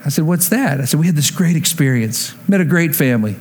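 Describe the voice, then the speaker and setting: A male pastor in his forties delivers a sermon through a family story. His voice sits a little high. He acts out each quoted line with lively energy and drops his voice low and quiet when he turns to reflection. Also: fast talker.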